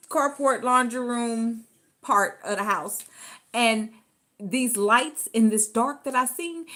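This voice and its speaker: A woman, telling a story casually and dramatically. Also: on the high side. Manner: animated, dramatic, acts out voices in her story. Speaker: storyteller vlogger.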